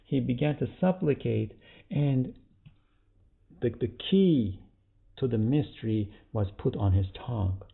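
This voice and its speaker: A man's voice: mid-range voice, measured pace, creaky, pauses often. A man teaching a religious commentary podcast, reading a passage aloud and then explaining it in plain words, with rhetorical questions. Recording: tinny phone-like audio.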